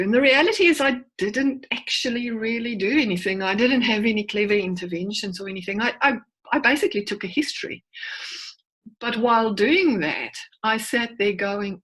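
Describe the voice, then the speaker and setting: Husky-voiced woman psychologist telling stories. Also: medium pitch, normal speed, a bit bright, low-quality recording. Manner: storytelling, with frequent word restarts. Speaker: clinical psychologist, guest speaker. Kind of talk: conversational presentation. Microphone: video call.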